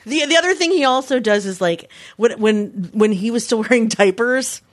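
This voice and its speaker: A woman's voice: on the high side, lively intonation, moderate pace, no room sound. A woman in her thirties co-hosting a podcast in casual chat, blunt and swearing freely as she acts out quoted arguments. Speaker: podcast co-host.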